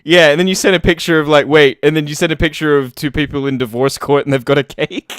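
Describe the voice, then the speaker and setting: A man's voice: a little high, fairly even intonation, quick pace, a bit bright, smooth, no echo. A man hosting a podcast in loose, rambling casual chat, laughing often. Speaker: podcast host. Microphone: home desk mic over voice chat.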